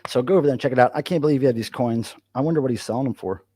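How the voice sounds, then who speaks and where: An American man hosting a casual livestream, rambling and animated as he chats with a co-host. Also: mid-range voice, racing, husky, no room sound. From United States. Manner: rambling, animated, talks to his cat in a soft baby voice. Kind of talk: casual live-stream chat.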